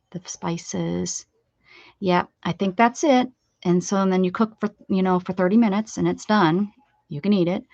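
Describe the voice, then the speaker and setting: A woman's voice: on the low side, a little mellow, dry recording. A middle-aged woman, chatting casually on a livestream and rambling with many self-corrections. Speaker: craft livestream host. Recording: dull, slightly lo-fi dry sound.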